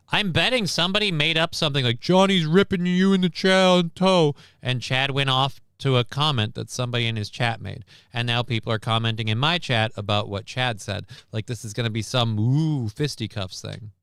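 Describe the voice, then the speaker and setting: A man's voice: mid-range voice, fairly bright tone, clear, resonant tone, no room sound, studio quality. A man hosting a livestream, reacting to news clips in blunt, sarcastic casual commentary, swearing often. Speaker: livestream host.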